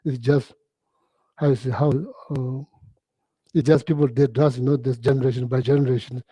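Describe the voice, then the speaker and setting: Halting man with a husky mellow voice. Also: mid-range voice, fairly even intonation, dry recording, rough recording. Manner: halting, repeats phrases, frequent throat clearing, non-native English. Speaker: Buddhist teacher. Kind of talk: informal dharma talk.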